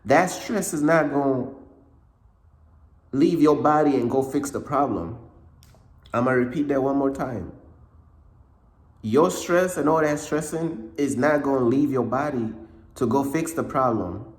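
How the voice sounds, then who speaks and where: A man giving a casual motivational talk, repeating himself often, with a slightly cracking voice and frequent throat clearing. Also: mid-range voice, a little slow, pauses often, roomy sound. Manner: repetitive, conversational, frequent "bruh" and "you know what I'm saying". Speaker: motivational speaker.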